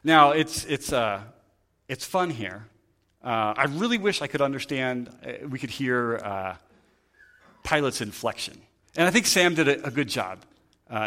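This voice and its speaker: A man's voice: fairly high pitch, animated, moderate pace, sharp tone. A man preaching a sermon in a conversational way, thinking aloud and often restarting his sentences. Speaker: pastor.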